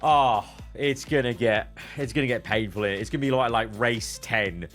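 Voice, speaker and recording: A man's voice: mid-range voice, a bit bright, faint music behind. Chatty man laughing through meme reactions. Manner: chatty, laughs often, reacts with quick quips. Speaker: channel host.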